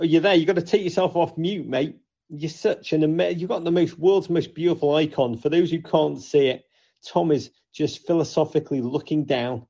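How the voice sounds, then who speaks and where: An excitable man hosts a call-in football show, his raised voice grainy and gravelly. He jokes constantly and drops from loud bursts to hushed asides. The sound is a bit dull and lo-fi. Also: fairly high pitch. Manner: animated, joking, swings from loud to hushed. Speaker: host. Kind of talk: lively football chat show with callers.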